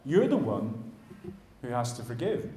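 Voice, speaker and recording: A man delivers a sermon in a casual, conversational way, speaking straight to the people in front of him. His voice sits at a middling pitch and carries a roomy echo from the church hall. A faint ambient noise runs underneath. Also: big pitch swings, measured pace, warm tone. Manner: conversational, addresses the congregation directly. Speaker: pastor.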